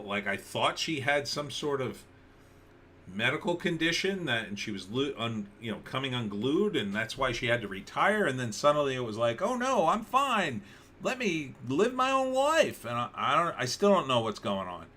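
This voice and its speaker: A man's voice: mid-range voice, pushed and bright, slight background noise. A man hosting a casual livestream, commenting on news with sarcasm and rambling restarts. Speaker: livestream host.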